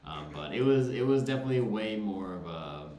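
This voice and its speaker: Relaxed, easygoing young man chatting. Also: fairly low pitch, brisk. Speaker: podcast co-host. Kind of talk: casual chat. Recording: echoey room, faint hiss.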